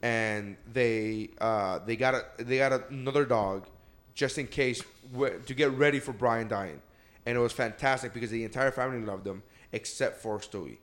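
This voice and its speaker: A young man chatting casually with friends, swearing often and getting excited as he retells cartoon scenes. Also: mid-range voice, normal speed. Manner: excitable, swearing, laughing storyteller. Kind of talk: casual podcast chat.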